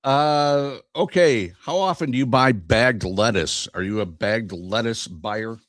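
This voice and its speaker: A man's voice: mid-range voice, a little slow, a bit bright, no room sound. A man hosting a talk show, chatting casually and telling offbeat news stories with frequent fillers and chuckles. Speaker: radio show host. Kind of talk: casual morning-show banter.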